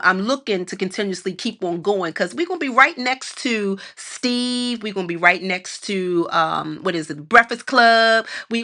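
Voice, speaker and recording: Animated radio host woman, Baltimore accent. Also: lowish voice. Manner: animated, quick, laughing often. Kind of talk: casual radio interview.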